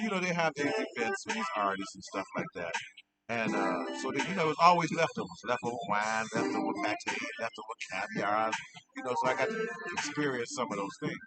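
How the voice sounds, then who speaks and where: A middle-aged man, high, rambling casually and repeating himself as he reviews cannabis on his vlog. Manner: meandering, repeats himself, laid-back.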